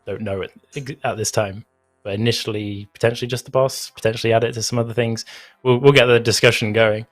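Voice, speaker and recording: A man co-hosting a livestream Q&A, answering briefly and calmly with some hesitation. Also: mid-range voice, fast, soft background music. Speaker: game developer co-host. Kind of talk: livestream Q&A chat.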